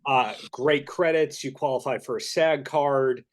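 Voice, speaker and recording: A man's voice: mid-range voice, a little slow. A man hosting a podcast interview over a video call, asking long, friendly questions that run through the guest's credits. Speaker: podcast host.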